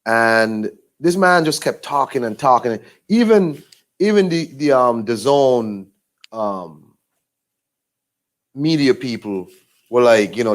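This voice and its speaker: A man's voice: mid-range voice, expressive, slow pace, pauses often. A man talking casually in a rambling, laid-back way with many fillers and restarts. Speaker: boxing vlogger. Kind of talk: casual monologue.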